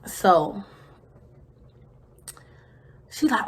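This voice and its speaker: A woman's voice: medium pitch, normal speed, a little hiss or hum. A woman vlogger telling a casual story full of slang and swearing, who sometimes drops into whispers to act out scenes.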